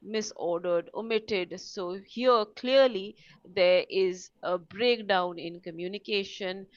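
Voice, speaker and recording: A woman's voice: medium pitch, no room sound, muffled recording. A woman teacher giving a live online lesson on pronunciation, explaining step by step and often checking in with "right?". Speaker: test prep teacher.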